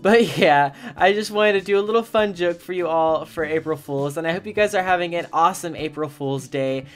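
A gaming channel host delivers casual let's-play commentary in a medium-pitched voice at a fairly quick pace, speaking straight to viewers. The delivery is theatrical and expressive, with soft music playing in the background.

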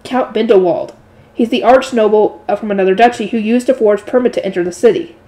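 A woman's voice: a little fast, mellow, natural voice. A woman reading aloud and voicing a tense young male knight who warns of danger. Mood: urgent. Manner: urgent, low-voiced.

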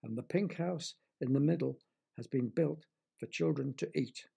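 A cheeky, bossy talking frog from a children's storybook, voiced by a man. He talks loudly and excitably in a raised, gravelly voice with a husky edge. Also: a little high, moderate pace, full character voice. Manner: loud, excitable, shouting.

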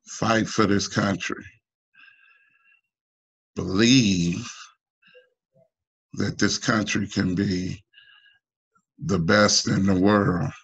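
A man from the United States giving halting, emotional personal testimony in an online town hall, full of restarts and fillers, his pitch climbing when he pleads. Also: fairly even intonation, vocal fry, fairly bright tone, husky, highs cut off. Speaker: union member asking a guest.

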